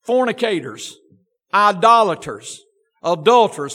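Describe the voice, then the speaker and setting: Baptist-style pastor, high-pitched man, emphatic scripture reading, long church echo. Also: moderate pace, fairly bright tone. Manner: emphatic, reads scripture with feeling, rhetorical questions. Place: church sanctuary. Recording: long church-hall reverb.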